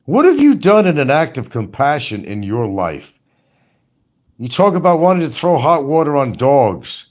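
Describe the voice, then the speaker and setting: A man's voice: fairly high pitch, big pitch swings, moderate pace, a little mellow. A man ranting angrily in commentary, swearing often and firing scolding rhetorical questions. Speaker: commentary streamer.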